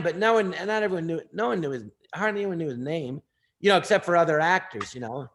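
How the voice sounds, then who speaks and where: Animated storytelling man, fairly high voice. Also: quick pace. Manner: animated, slips into impressions of people he quotes. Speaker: actor and comedian guest. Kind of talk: casual anecdotal storytelling.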